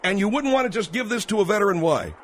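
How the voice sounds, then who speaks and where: A male radio host working a comedy call-in show from the studio, calmly pressing his argument. His voice is on the high side and moves a lot in pitch, rising and falling as he reasons. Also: fast, slight background noise.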